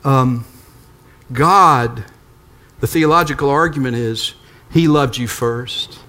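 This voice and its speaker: A man's voice: mid-range voice, slow, pushed and bright. An older man preaching a sermon as a pastor, conversational and storytelling with touches of humor.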